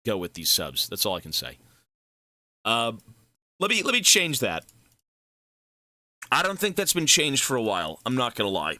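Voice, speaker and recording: A male live streamer chatting casually and thanking donors, excitable and effusive, swearing freely. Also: mid-range voice, dry recording.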